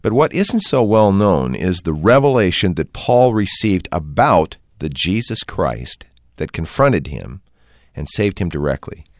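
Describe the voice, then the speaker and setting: Deep-voiced radio host, a man, lively. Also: a little slow, no echo, studio quality. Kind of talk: host posing a question.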